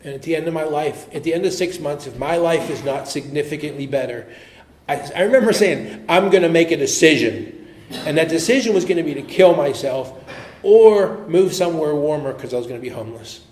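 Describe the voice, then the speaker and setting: A middle-aged man telling his personal recovery story at a meeting, earnest and animated, quick to laugh and sometimes dropping to a murmur. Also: a little high, echoey room, a little hiss or hum. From Pittsburgh area. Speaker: AA speaker. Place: meeting hall.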